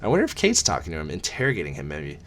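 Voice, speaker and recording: A man's voice: rumbling low, huge pitch swings, rapid-fire. A man reading a novel aloud in a casual amateur way, with wry asides and casual swearing.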